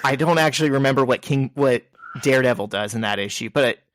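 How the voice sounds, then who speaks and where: A man co-hosting a podcast in casual chat, relaxed and rambling, with plenty of fillers. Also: medium pitch, fast talker. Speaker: podcast co-host.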